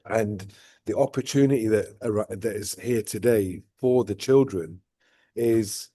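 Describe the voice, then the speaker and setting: A man chats at length as the host. His voice sits low and warm, and it sounds dry and close to the mic. He keeps circling back with "look" and "right?" as he shares his stories. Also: measured pace, slightly rough, dry recording. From outside Dubai. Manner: rambling, repeats "right?" and "look". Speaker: vlog host. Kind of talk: casual reflective chat.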